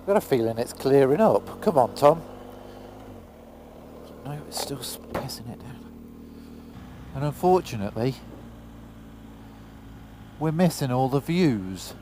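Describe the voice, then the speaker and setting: A man's voice: mid-range voice, expressive, unhurried, pauses often, warm tone, a little hiss or hum. A man chatting casually into a helmet camera while riding a motorbike outdoors in pouring rain, exclaiming and swearing now and then. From Britain. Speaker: motorcycle vlogger. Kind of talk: casual vlog commentary.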